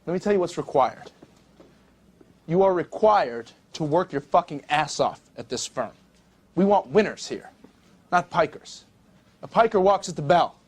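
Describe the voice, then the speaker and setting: A man's voice: expressive, unhurried, pauses often, darkish tone. An actor in his twenties playing a brash, profane young stockbroker boss in a film monologue. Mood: boastful. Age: 20s. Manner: brash, profane recruiting pitch. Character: cocky young rich male broker, swaggering.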